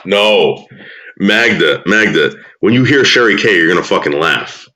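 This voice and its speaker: Guy ranting crude and bitter, lowish voice but jumps all over, drags words out then mutters. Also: animated, unhurried, bright, forceful tone. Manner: crude, bitter, swings between drawling and muttering. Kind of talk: profane casual rant.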